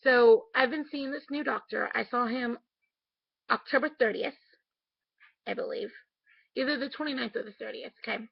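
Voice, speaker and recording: Candid woman with a gravelly, husky voice. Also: a little high, moderate pace, long pauses, no room sound, highs cut off. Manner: candid and emotional, swears casually. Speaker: vlogger. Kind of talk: casual video diary. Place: home, late at night.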